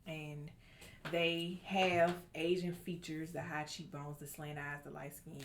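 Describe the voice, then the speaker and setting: A woman chatting on a podcast, animated, with loud outbursts and quiet asides. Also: deep voice, a little slow, slight background noise. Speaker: podcast co-host. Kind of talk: casual chat.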